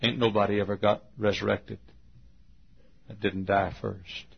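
A man's voice: fairly low pitch, flat delivery, a little slow, vocal fry, breathy edge, exaggerated voice. A man playing an older fellow preacher who talks in a blunt, plainspoken drawl. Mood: wry. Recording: dull lo-fi recording.

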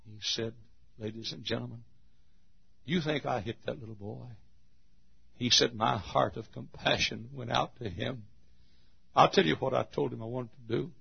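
A man preaching a sermon at a church service, booming into shouts and then dropping to a hush. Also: normal speed, creaky, long pauses, husky, lo-fi sound. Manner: swings from loud shouted quotes to hushed low asides.

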